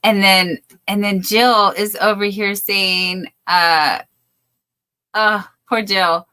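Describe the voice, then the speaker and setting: A woman's voice: mid-range voice, slow pace, bright, forceful tone, clear, resonant tone. A woman hosting a casual crafting livestream, chatting and reading out viewer comments. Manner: chatty, reads out viewer comments, apologetic asides. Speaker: livestream host.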